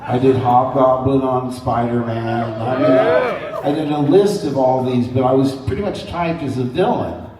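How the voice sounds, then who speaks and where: A man speaking as a guest on a convention panel, telling stories in an animated way, acting out voices and laughing often. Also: medium pitch, measured pace, a crowd in the background. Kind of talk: anecdotal storytelling to an audience. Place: large convention hall. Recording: echoey hall from far off.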